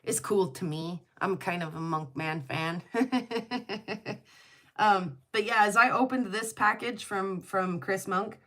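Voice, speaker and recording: Speaking slowly in a mid-range, slightly bright voice, this rock hounding channel host gushes over her topic. Her casual chat is giggly, full of laughter and filler words.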